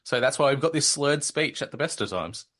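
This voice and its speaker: A man's voice: medium pitch, animated, fairly quick, a bit bright. A man in his thirties with an Australian accent, hosting a podcast in a joking, laid-back manner. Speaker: podcast host. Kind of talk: casual podcast chat.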